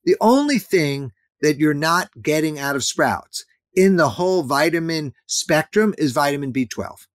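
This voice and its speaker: A man's voice: a little high, lively intonation, moderate pace, hardly any pauses, no echo, clean studio sound. A man in his fifties, a guest in an interview, talking earnestly and emphatically, repeating his key points. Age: 50s. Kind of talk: interview conversation.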